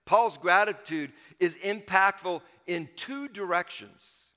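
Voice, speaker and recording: A male pastor preaching a sermon in a big hall whose sound rings on after every phrase. His voice is bright and sits a little high for a man. He drives his points home by repeating them. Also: slow. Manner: emphatic, repeats key phrases.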